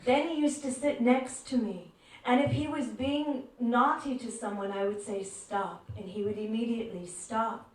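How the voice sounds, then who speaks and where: Woman, devotional talk, gentle storytelling, very echoey room, distant mic. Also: on the high side, fairly even intonation, moderate pace. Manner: gentle storyteller who acts out quoted voices. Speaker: devotional speaker. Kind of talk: spiritual talk with stories.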